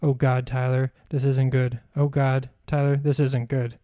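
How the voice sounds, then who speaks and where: A man's voice: mid-range voice, flat delivery, a little slow, warm tone, dry recording, clean studio sound, natural voice. A man reading as a panicked male friend. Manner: anxious, repeating himself.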